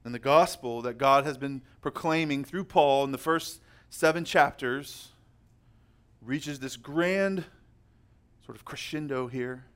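A young man preaching a sermon as pastor, emphatic and slowing down to stress key words. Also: mid-range voice, fairly bright tone, clear, resonant tone.

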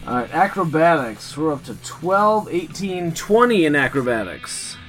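A man playing a tabletop role-playing game, talking haltingly with many fillers. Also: on the high side, sing-song, music in the background. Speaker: player.

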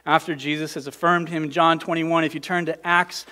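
Earnest male preacher, slightly high voice. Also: flat delivery, fairly quick, sharp tone. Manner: earnest, repeats words, builds to emphatic peaks. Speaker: pastor. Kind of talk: sermon.

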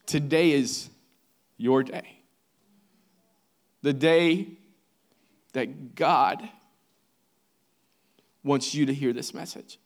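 A man's voice: fairly high pitch, slow, long pauses. A man, the church's pastor, introducing a guest speaker to the congregation, emphatic and enthusiastic, repeating his points for weight. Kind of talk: sermon introduction. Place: church sanctuary.

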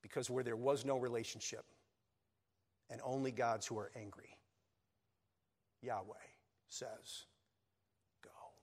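A man's voice: medium pitch, steady tone, unhurried, long pauses, a little mellow. A man preaching a sermon as pastor, earnest and building to emphatic peaks. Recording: long reverb of a church hall.

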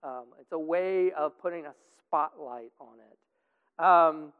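A man whose smooth voice sits on the high side takes his time leading a relaxed Bible study discussion, wandering and padding it with fillers. The audio is tinny and phone-like with a long, echoing reverb.

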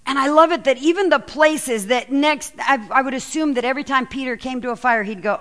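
A woman pastor preaching a sermon and reading scripture aloud, telling the story with lively, acted-out quotes. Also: high voice, brisk, hardly any pauses. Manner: animated storytelling, acts out quoted lines.

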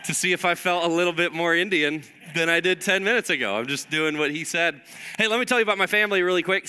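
A man preaching a sermon to his congregation, telling a family story in a lively, animated way. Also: high voice, clear, resonant tone. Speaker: pastor.

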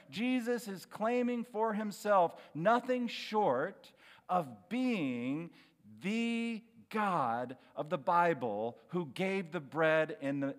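A man preaching a sermon, emphatic, slowing down and lifting his voice on key phrases. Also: high-pitched. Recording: reverberant hall.

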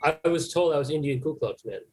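A man on a comedy podcast, trading goofy deadpan punchlines in improvised banter. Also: fairly high pitch, quick pace.

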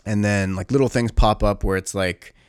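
A man's voice: fairly low pitch, fairly even intonation, moderate pace, smooth, no room sound, clean studio sound. A man casually recapping a movie plot, rambling and sarcastic with lots of fillers. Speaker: movie reviewer.

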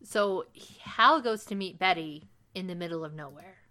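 A woman with a rather low, bright and forceful voice, talking casually as a podcast co-host. She retells a story at a quick, animated clip, full of enthusiasm. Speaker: podcast co-host recapping a TV episode. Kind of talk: casual chat.

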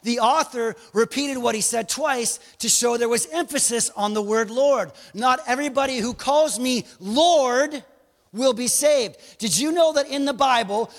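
A man preaching a sermon as pastor, animated, with joking asides and bursts of raised emphasis. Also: very high voice, creaky, long reverb tail.

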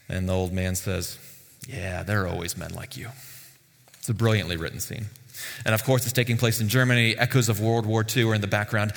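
A man delivers a sermon in a relaxed, conversational way, tossing questions to his listeners and rising into sudden emphasis. His voice sits at a middle pitch and carries a long reverb from a large hall. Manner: lively, conversational with rhetorical questions and laughs. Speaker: pastor. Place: church sanctuary.

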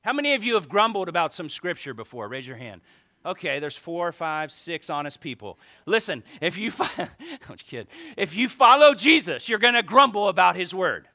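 A male pastor preaching a lively sermon, joking with the congregation and reading scripture aloud. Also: high voice, normal speed. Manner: animated preaching with asides and jokes to the congregation.

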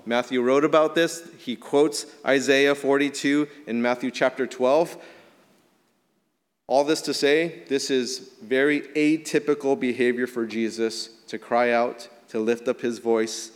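A male pastor preaching a sermon, swinging from emphatic rises to soft, quiet drops. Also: medium pitch, fairly even intonation, unhurried, long reverb tail. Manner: earnest preaching, rising emphatic then dropping soft.

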